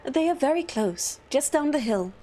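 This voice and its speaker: A woman's voice: high voice, animated, normal speed, warm tone, voice pushed up. A woman voicing a villain-coded male secretary who speaks with formal, fawning politeness in a raised voice. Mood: smooth.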